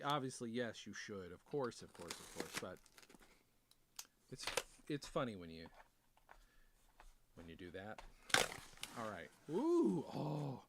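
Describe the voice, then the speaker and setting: A man with a medium-pitched voice hosts a casual unboxing vlog against a noisy background. An author and video host, he rambles along with self-deprecating jokes and chatty asides.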